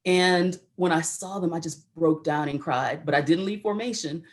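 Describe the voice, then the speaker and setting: On a talk show, a middle-aged American woman who retired as an Army colonel recounts stories and performs the quoted voices. Her pitch is on the low side and her speed normal.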